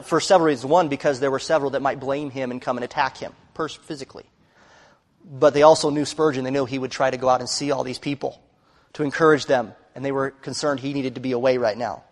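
A man preaching a sermon, telling a story earnestly and rising to loud emphasis. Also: medium pitch, long reverb tail.

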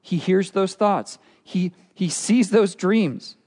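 A pastor preaching a sermon with earnest, expressive delivery, often dropping to a quiet, intense tone. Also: male voice, high-pitched, takes it slowly. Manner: earnest, expressive preaching with dramatic drops in volume. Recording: long hall reverb.

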